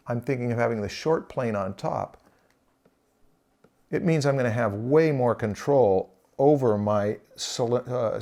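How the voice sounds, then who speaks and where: A man's voice: medium pitch, darkish tone. A man co-hosting a casual drawing lesson, giving feedback with playful, joking banter. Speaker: drawing instructor co-host. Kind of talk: casual teaching chat.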